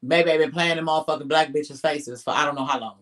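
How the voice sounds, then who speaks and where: Man, slightly high voice, blunt and profane, emphatic casual commentary. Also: fairly even intonation, quick pace, a bit bright. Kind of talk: casual live-stream commentary.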